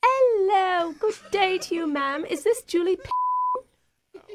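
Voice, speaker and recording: A woman's voice: very high voice, wildly swooping pitch, slow, fairly bright tone, dry recording, clean studio sound, exaggerated voice. A woman voicing a pompous job applicant with an over-formal, fake English accent. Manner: over-formal, affected, rambling. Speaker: radio prank caller.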